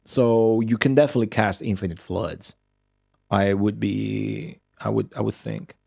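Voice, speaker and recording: A gravelly, darkish, lowish male voice holds a steady tone and moves a little slowly. He's an Italian native speaker doing live game commentary and chatting with his audience in English, with a light Midwestern accent plus a touch of Australian, cursing and rambling offhandedly. There's no room sound, and the quality is studio level.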